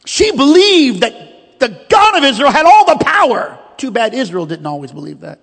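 A man's voice: extremely high pitch, very animated, moderate pace, creaky, a bit bright. A male pastor preaching a sermon, leading his congregation in call-and-response declarations. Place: church sanctuary. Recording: long reverb of a church hall.

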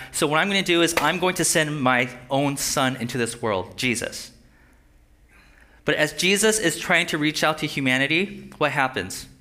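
A man's voice: fairly high pitch, sharp tone. A man preaching a sermon in a conversational way, checking in with his listeners through rhetorical questions. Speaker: pastor.

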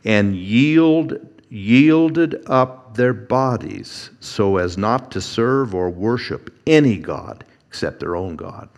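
A man preaching a sermon, slow and halting, with frequent restarts, who acts out quoted figures with a rising voice. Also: on the low side, animated. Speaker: pastor.

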